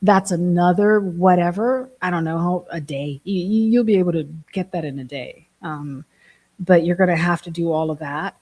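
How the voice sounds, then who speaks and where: A woman's voice: fairly low pitch, moderate pace, highs cut off. A woman from Germany chatting casually to camera, laughing often and making fun of herself. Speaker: vlogger, app builder.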